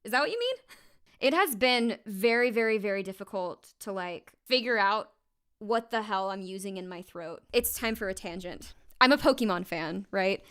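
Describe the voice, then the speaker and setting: Bright-voiced chatty woman singer. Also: medium pitch, lively intonation, smooth. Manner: chatty, quick laughs, frequent "like". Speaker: singer streaming a vocal recording session. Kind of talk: casual livestream chat.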